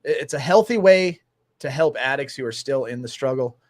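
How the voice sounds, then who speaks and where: A man hosting a casual talk show, telling a story with lively acted-out dialogue. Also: mid-range voice, fairly quick, no echo. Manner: animated storyteller acting out dialogue. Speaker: host.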